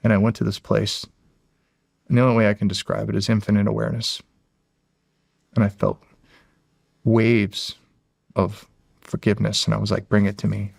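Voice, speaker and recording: A man's voice: on the low side, flat delivery, normal speed, creaky, pauses often, no room sound, studio quality. A middle-aged American man, a podcast guest, telling a long story in a rambling, casual way and acting out the quotes. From United States. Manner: rambling, acts out quotes, repeats "he's like".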